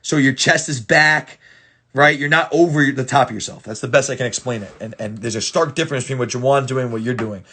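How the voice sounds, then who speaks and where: A man's voice: medium pitch, fairly quick, bright, forceful tone. A man coaching football players through film, blunt and profane, stumbling and repeating words for emphasis. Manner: blunt and profane, many restarts. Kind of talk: casual film breakdown for clients.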